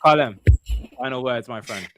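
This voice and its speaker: A man's voice: medium pitch, moderate pace, a crowd in the background. A man hosting a casual football fan podcast, upbeat and prone to repeating his phrases. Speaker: podcast host.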